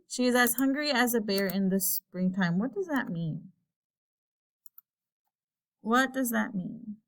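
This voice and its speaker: A woman teacher talks through a recorded lesson at an unhurried pace. Her voice sits a little high. She explains patiently and thinks aloud while she types.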